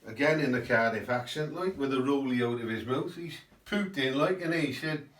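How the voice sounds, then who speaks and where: A man's voice: medium pitch, moderate pace, few pauses. A man giving a rambling satirical political monologue, full of tag questions. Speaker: host. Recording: roomy, mic at a distance.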